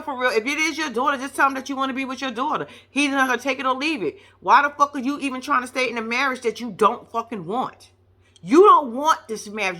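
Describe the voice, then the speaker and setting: Woman, high lively voice, bright, blunt, profane, casual recap talk. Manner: blunt, profane, animated storytelling. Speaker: reality TV commentator.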